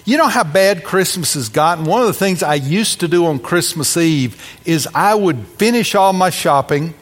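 A man's voice: on the high side, animated, moderate pace. Preaching man in a reverberant church. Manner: preaching with dramatic emphasis and humorous asides. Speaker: pastor. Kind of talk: sermon.

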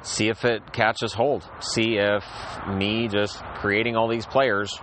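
A man's voice: fairly low pitch, level tone, slow, noisy background. A man hosting a casual solo show, rambling in an easygoing way, repeating phrases and restarting his sentences. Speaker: podcast host. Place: outdoors in a backyard.

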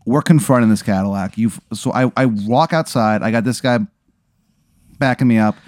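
A man playing an improvised comedy scene, excitable and swearing a lot. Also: medium pitch, moderate pace, dry recording. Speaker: player. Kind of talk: improvised comedy role-play.

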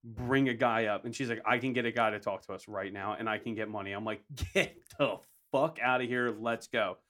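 A man's voice: lowish voice, fast. A young man on a podcast telling a story with lots of swearing, acting out what everyone said. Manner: profane, animated storyteller acting out quotes. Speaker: podcast co-host. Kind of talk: casual podcast chat.

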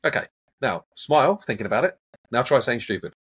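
A man, a hypnotherapist, talking in a casual interview and acting out everyday examples in an animated, coaching way. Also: mid-range voice, a little fast, husky. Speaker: hypnotherapist guest.

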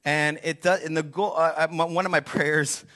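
A man in his forties gives a sermon with a bright, slightly high voice. He tells a candid, self-deprecating personal story with animated asides. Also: moderate pace. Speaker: pastor.

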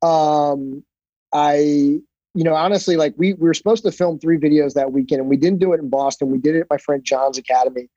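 A man's voice: fairly high pitch, steady tone, a little fast, mellow, no room sound, muffled recording. A man, a jiu-jitsu instructor on a podcast, telling stories casually with loose, profane talk and many fillers. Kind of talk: casual storytelling.

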